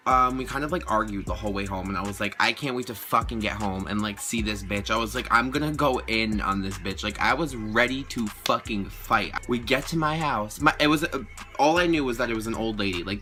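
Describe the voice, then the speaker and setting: A teenage young man telling a storytime vlog in a casual, indignant way, swearing a lot and saying "like" constantly. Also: mid-range voice. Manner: casual, heavy swearing, lots of "like"; indignant, animated retelling. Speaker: vlogger.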